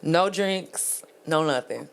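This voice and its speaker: A woman's voice: deep voice, takes it slowly, vocal fry, smooth. A woman co-hosting a podcast in casual, encouraging banter, laughing often. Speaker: podcast co-host.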